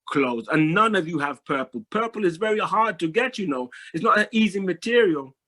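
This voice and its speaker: A man's voice: high voice, expressive, moderate pace, sharp tone, pitched above the performer's own voice, exaggerated voice. Weeping, frightened young girl, voiced by a male storyteller; raised, pleading. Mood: tearful. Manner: tearful, pleading.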